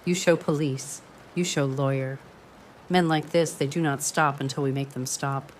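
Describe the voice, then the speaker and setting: A woman's voice: low-pitched, fairly even intonation, moderate pace, slight background noise, natural voice. A woman voicing a tiny, fierce elderly grandmother neighbor with a thick Polish accent and blunt, broken-English speech. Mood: blunt, protective.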